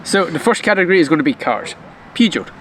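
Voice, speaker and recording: A man's voice: fairly high pitch, animated, rapid-fire, a bit bright, a little hiss or hum, poor audio. A man in his thirties chatting outdoors by a camper van, presenting with a teasing, upbeat manner. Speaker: vlogger. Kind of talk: casual chat.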